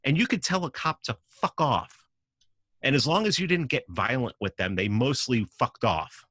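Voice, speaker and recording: A man's voice: medium pitch, lively intonation, normal speed, pushed and bright, breathy edge, dry recording. A man from New City, a podcast guest arguing his point in casual conversation, emphatic and profane. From New York City. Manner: emphatic, profane, acts out quoted voices.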